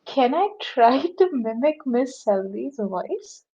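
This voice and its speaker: A woman playing a tabletop game, talking hesitantly with halting restarts. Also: fairly high pitch, animated, dark tone, highs cut off. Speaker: player. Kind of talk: casual tabletop play.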